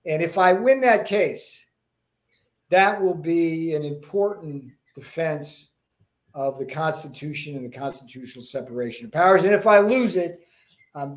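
A man from Florida with a slight Boston accent, a guest telling animated stories with many restarts and repeated words. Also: on the high side. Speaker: political guest. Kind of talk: interview conversation.

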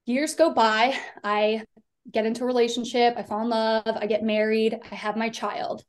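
A woman's voice: a little high, steady tone, normal speed. A woman from the US East Coast, a podcast guest, telling her personal story in a chatty, rambling way full of fillers. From Delaware, US East Coast.

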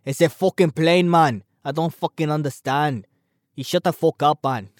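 A man putting on a rough mock-Scottish accent to play a grumpy, swearing man ranting at a noisy plane. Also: a little high, normal speed, no echo, studio quality, close to an everyday voice. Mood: annoyed. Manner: ranting, profane.

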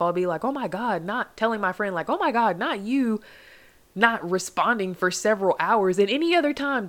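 A young adult woman hosting a solo podcast, talking candidly and at length, with many "like"s and asides to "you guys.". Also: medium pitch. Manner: rambling, heartfelt, heavy use of "like" and "you guys". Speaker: podcast host.

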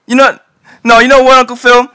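Dude reading a hurt young guy, bitter then yelling, high bright voice, dry room. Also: level tone, fairly quick, smooth, no room sound. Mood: shouting, pained. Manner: bitter, rising to shouting. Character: hurt young man abandoned by his father. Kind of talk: amateur scene reading.

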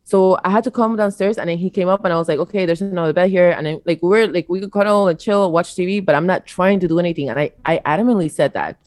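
A young woman telling a story in casual podcast chat, blunt and animated, swearing freely. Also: on the low side, quick pace, hardly any pauses, no room sound. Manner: blunt, profane, animated retelling. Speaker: podcast co-host.

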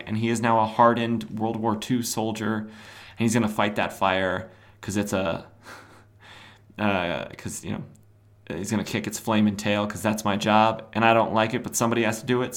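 A man's voice: fairly low pitch, steady tone, normal speed, a bit bright. A man hosting a podcast, casually recapping a comic book in a loose, chatty way with fillers, sometimes reading lines in playful voices. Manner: reads comic dialogue aloud in playful put-on voices. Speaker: podcast host.

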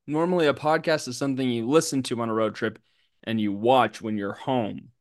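Young guy hosting a podcast, playful teasing, slow drawn-out talk, dry close sound. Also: mid-range voice, steady tone, no room sound. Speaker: interim podcast host.

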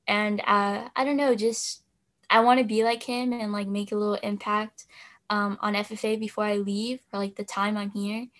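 A woman's voice: mid-range voice, flat delivery, moderate pace. A teenage girl and student officer talking casually on a podcast, rambling with lots of fillers and little laughs. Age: teens. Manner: chatty with many fillers and laughs.

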